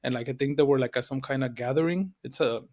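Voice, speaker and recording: A man, chatting casually on a podcast and telling stories with animated, acted-out quotes. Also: mid-range voice, fast talker, no echo, studio quality. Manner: animated storytelling, swears freely, acts out quoted voices. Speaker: podcast co-host.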